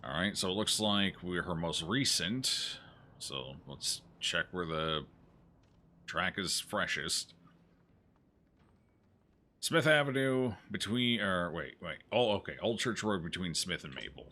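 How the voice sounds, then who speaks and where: A man's voice: low-pitched, animated, slow, sharp tone. A man streaming a horror game, joking and thinking aloud as he plays. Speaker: gaming streamer. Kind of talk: casual let's-play commentary.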